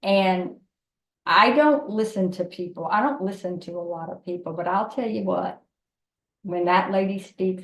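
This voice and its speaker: Low-voiced woman, emotional and emphatic, on a call from an echoey room. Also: normal speed. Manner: emotional, emphatic, repeats words. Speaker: member introducing the speaker. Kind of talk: heartfelt introduction on a group call. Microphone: video call.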